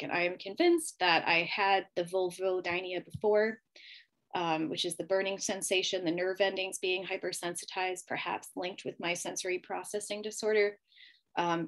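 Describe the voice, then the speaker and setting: A woman hosting a podcast, candidly telling her own story with emotion and many fillers. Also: lowish voice. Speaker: podcast host. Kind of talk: personal storytelling monologue.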